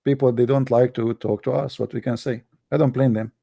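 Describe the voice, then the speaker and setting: Gravelly, mocking man. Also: mid-range voice, steady tone, brisk, mellow, no echo, studio quality. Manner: mocking, repetitive taunting, sing-song teasing; broken English grammar, frequent throat clearing. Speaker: host of a call-in religious debate show. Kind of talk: live call-in show monologue.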